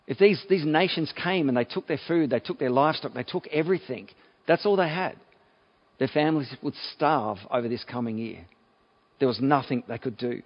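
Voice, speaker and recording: A man with an Australian accent preaching a sermon in a relaxed, conversational way, with many fillers and restarts. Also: mid-range voice, a little fast, dull audio. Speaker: pastor.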